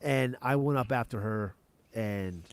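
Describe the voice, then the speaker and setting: A man, a comedian, telling a self-deprecating story about bombing onstage, with halting starts and stops. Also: fairly low pitch, smooth, dry recording. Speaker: comedian guest. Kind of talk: casual chat on a video call.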